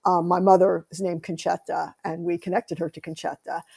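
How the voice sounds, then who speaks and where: American woman author chatting on a podcast, kinda gravelly fry in her voice, tells stories with lots of energy. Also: on the low side, level tone, brisk, mellow. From United States. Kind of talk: conversational interview.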